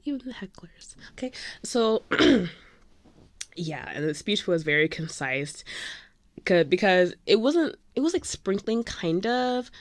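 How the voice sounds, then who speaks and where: A young woman vlogger telling a story in a gushing, excitable way, full of "like" and jumping between high squeals and whispers. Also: slow, no echo.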